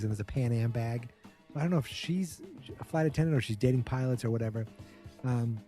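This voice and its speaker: Guy hosting a podcast, dark mellow voice, chatty and a bit snarky retelling. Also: medium pitch, brisk, faint music behind. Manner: chatty and wry, mimics characters' lines while retelling. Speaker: podcast host. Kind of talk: casual solo episode recap.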